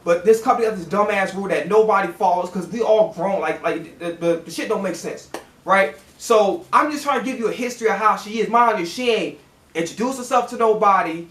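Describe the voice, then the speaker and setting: A man's voice: high-pitched, a little fast, a bit bright. A man telling a casual storytime in a heated, profane rant that acts out both sides of an argument. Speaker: storytime vlogger. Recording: roomy echo.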